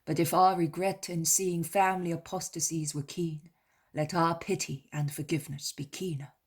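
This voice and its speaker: A woman reading the part of Jesus, a calm, gentle male teacher, in a soft half-whisper. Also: deep voice, normal speed, breathy edge. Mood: earnest.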